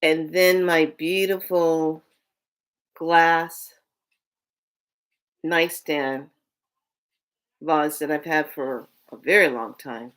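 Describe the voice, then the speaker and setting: A woman with a low, deep-set voice tells a personal story straight to her viewers. She talks candidly and emotionally and swears freely as she goes. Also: fairly even intonation, drawn-out words, long pauses, a bit bright. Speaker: vlogger.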